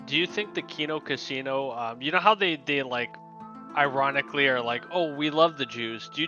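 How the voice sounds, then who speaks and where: A man in a casual podcast chat, talking bluntly in halting, repeated starts. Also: medium pitch, bright, forceful tone. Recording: dull lo-fi sound.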